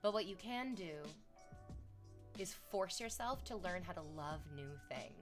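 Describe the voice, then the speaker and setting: Woman streaming, mid pitch, jokey sarcastic chat, reads chat out, bit of music behind. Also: animated, measured pace.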